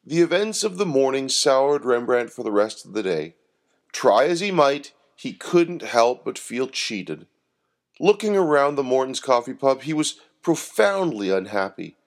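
A man hosting and narrating a Christian parable story with expressive delivery. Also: mid-range voice, a little slow. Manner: expressive narration with lively intonation. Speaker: storyteller host.

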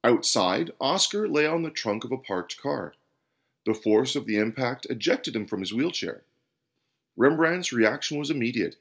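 A man hosting and narrating a scripted parable with an expressive reading. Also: mid-range voice, normal speed, creaky, slightly rough. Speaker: host and storyteller. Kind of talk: scripted storytelling.

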